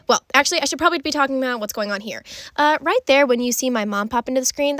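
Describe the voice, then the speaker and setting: A woman's voice: on the high side, no echo. A young American woman chatting in a rambling, playful voice-over over her sewing video. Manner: rambling, playful, self-deprecating. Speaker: costume sewing vlogger.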